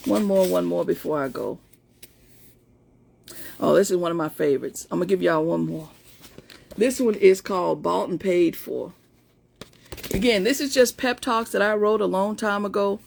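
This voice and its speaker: A woman coach chatting excitedly and directly with her followers during a live stream from home, and reading out her own pep talks. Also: mid-range voice, vocal fry. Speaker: motivational coach. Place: at home, indoors.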